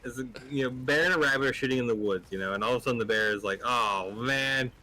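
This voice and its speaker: A man with a bright voice chatting casually on a game stream. He tells jokes in a rambling way, restarting often. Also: medium pitch, steady tone, rapid-fire, low-quality recording. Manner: rambling joke-teller, many restarts.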